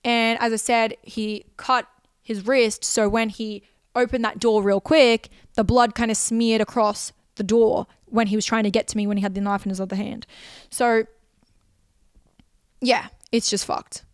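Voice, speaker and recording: A woman's voice: on the high side, flat delivery, unhurried, smooth, dry recording, clean studio sound. Emotional young woman recounting events. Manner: emotional, rambling with repeated phrases. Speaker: podcast host. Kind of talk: personal storytelling.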